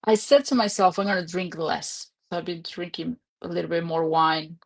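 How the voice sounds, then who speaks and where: Speaking at normal speed in a creaky voice on the low side, a woman in her twenties or thirties rambles through casual livestream chat recorded at home, laughing often along the way.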